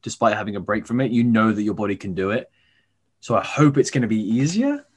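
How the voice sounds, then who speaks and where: A man's voice: fairly low pitch, very animated, fast talker, husky. Guy chatting on a zoom call, rambly, lots of um and you know, restarts a lot. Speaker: stage actor, guest. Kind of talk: casual interview over video call. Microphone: video call.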